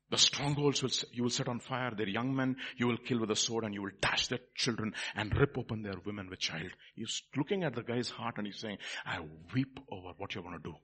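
A male preacher, delivering a sermon that swings from quiet musing to loud, fervent preaching. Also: medium pitch, fairly quick, hardly any pauses, slightly rough.

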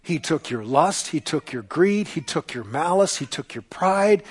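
A male pastor preaching a sermon, retelling a story dramatically and dropping to a hush on key lines, then leading communion and prayer. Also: a little high, big pitch swings, unhurried, slightly rough.

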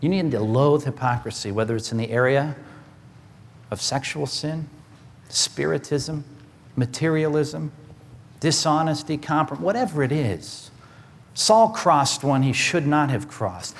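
A male pastor preaching a sermon in an animated, wry way, swinging between loud and hushed. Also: a little high, a little slow. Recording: echoey hall.

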